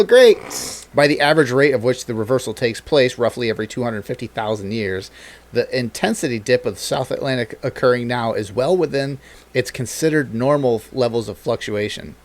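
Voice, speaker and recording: A man hosting a casual podcast chat, rambling and swearing freely, laughing often and reading snippets aloud. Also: mid-range voice. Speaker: podcast host.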